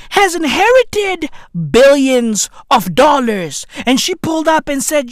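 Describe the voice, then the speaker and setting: A woman delivering a profane comedic rant, shouting and swearing and calling the listener bruv. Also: high-pitched, very animated, a little slow, no echo, clean studio sound. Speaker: commentator.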